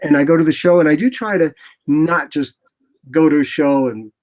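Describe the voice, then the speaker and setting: A man in his sixties talks about his travels in an easy, rambling way, his voice sitting a little high for a man. He jumps into lively quoted asides as he tells his stories. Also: moderate pace. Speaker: motorcycle photographer guest. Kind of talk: casual interview storytelling.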